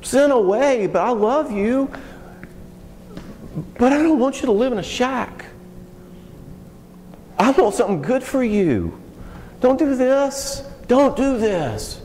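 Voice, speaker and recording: A man voicing God as a fatherly figure, speaking softly and slowly in an imploring way. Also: extremely high pitch, very animated, slight background noise, pitched above the performer's own voice, exaggerated voice. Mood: pleading. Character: gentle pleading God, fatherly male voice. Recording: hall reverb.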